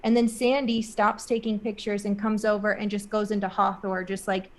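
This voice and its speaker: A woman's voice: medium pitch, little pitch movement, moderate pace. Rambling woman telling a story. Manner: rambling, full of "like" and "um" fillers; earnest, emotional retelling. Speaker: interview guest. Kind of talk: casual spoken storytelling.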